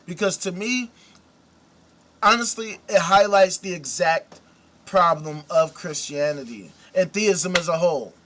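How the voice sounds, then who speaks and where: A man's voice: sits high, a little slow, a bit bright, slight background noise. A man hosting a commentary show, ranting indignantly with profanity and repeated rhetorical questions. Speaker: host. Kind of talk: casual commentary rant.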